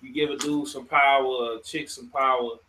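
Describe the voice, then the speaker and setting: A laid-back man co-hosts a casual podcast, often restarting his sentences. His voice is bright and forceful, at a middle pitch. A faint hiss runs under the recording. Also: fairly even intonation, moderate pace. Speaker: podcast co-host.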